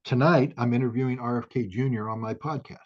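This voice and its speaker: A male interview guest who talks haltingly with many fillers, then swells into fiery outbursts. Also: medium pitch, flat delivery, a little mellow. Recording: dull lo-fi audio.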